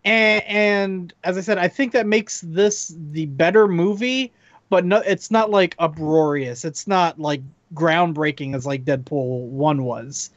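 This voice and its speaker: A man talking on a casual podcast in a measured way, filling pauses with ums and likes. His voice sits slightly high. The recording is dull and lo-fi, with a dry sound. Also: no room sound. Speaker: podcast co-host. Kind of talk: casual chat.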